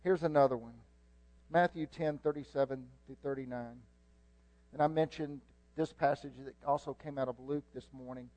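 A man preaching a sermon, earnest, stressing key words slowly and letting phrases trail off quietly. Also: mid-range voice, fairly even intonation, dry recording, rough recording.

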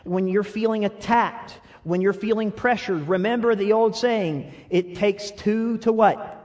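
A young adult man preaching a sermon, animated and laughing often, swinging between loud outbursts and soft asides. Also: high voice, a little slow. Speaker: pastor.

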